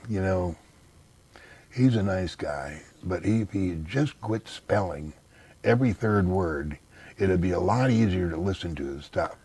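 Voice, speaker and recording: A man's voice: low voice, animated, unhurried, darkish tone, breathy edge. A man being interviewed in casual conversation, blunt and dismissive, giving long rambling explanations. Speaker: interview guest.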